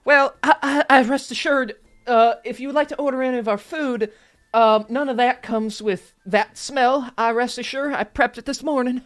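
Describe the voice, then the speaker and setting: A woman's voice: sits high, moderate pace, voice pushed up, natural voice. A man voicing a chatty human waitress in a tabletop game, with a put-on drawl and gushing apologies. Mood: flustered.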